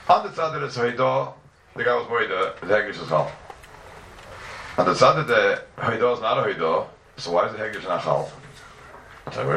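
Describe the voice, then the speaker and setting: A man's voice: lowish voice, a bit bright, echoey room, distant mic, slight background noise. A man teaching a class on religious texts, emphatic and full of rhetorical questions.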